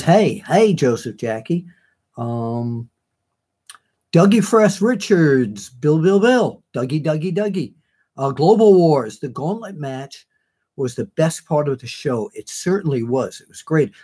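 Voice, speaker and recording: A man's voice: fairly high pitch, animated, unhurried, mellow, husky. A man hosting a live online show, chatting casually and reading out viewer comments in a rambling way, with many fillers and self-corrections.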